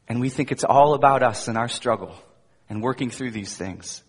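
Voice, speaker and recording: A male pastor delivers a sermon with emphatic force, dropping at times to hushed, intimate asides. His voice is slightly husky, and it rings out with a long reverb in a large hall. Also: mid-range voice, normal speed. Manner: emphatic preaching with wide swings between loud emphasis and soft asides.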